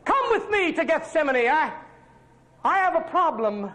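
A preacher acting out Jesus as a sorrowful, burdened man who pleads in solemn, old-fashioned phrasing. The voice sits very high and strained, and it reaches upward as it begs. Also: sing-song, unhurried, bright, forceful tone, exaggerated voice. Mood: pleading.

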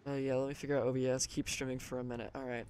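A young man streaming a video game, chatting casually, cursing often and swinging from loud outbursts to quiet mumbling. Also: mid-range voice, flat delivery, rapid-fire. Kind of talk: casual gaming livestream chatter.

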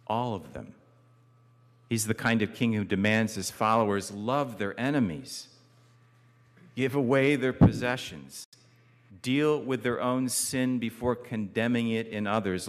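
A man preaching a guest sermon in a church, conversational and lightly humorous, dropping soft and low on key phrases. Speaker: guest pastor. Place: church sanctuary. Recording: reverberant church hall.

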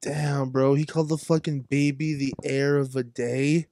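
A young man hosting a reaction video, exclaiming loudly and swearing often in casual commentary. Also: mid-range voice, normal speed, slight background noise. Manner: loud, excitable, profane exclamations.

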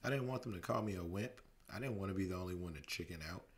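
A man reading a storybook aloud as a bedtime story, steady narration broken by lively voices for the characters. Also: low-pitched, fast talker.

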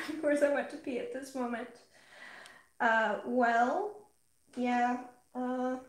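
A woman with a high, steady voice speaks slowly while hosting a painting livestream, chatting casually and playfully with her viewers as she paints. The recording has a roomy echo.

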